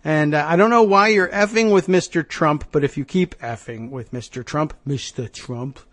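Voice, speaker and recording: A man's voice: on the high side, normal speed, a bit bright, dry recording. A man voicing a menacing male phone caller with a thick New York accent, mock-friendly and threatening.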